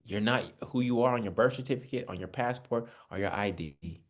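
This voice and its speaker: He talks fairly quickly in a mid-range voice. The setting is an online Bible study, where he offers spiritual teaching in a relaxed preaching style, calling his audience family and asking them rhetorical questions.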